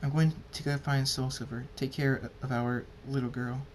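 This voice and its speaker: A man's voice: medium pitch, little pitch movement, normal speed, slight background noise, lightly acted. A man reading as a tender, torn female unicorn. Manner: soft, plain read, barely changed from the reader's voice.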